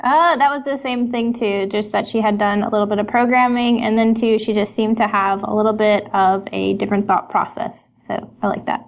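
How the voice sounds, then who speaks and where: A woman's voice: mid-range voice, fairly even intonation, normal speed, gravelly, few pauses. A woman panelist in a casual chat, upbeat and cheerful. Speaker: podcast panelist.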